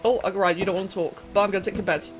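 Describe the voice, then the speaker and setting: A young woman giving chatty, excitable let's-play commentary, thinking aloud and talking to the characters on screen. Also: medium pitch, racing, music in the background. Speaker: gaming channel host.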